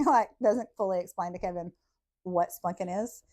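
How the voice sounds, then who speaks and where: A woman's voice: on the low side, moderate pace. Laughing, foul-mouthed woman storyteller. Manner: profane, laughing, animated storytelling. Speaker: podcast host. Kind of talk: casual storytelling.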